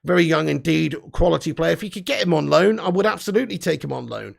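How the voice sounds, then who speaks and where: Young guy, high gravelly voice, blunt sweary live-stream host, excitable banter. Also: fast talker. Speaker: livestream host. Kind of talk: live fan chat reading comments.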